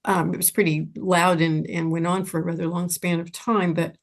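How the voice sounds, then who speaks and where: A woman's voice: on the low side, flat delivery, moderate pace. A woman hosting an interview, asking short, conversational follow-up questions. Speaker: host. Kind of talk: casual interview talk.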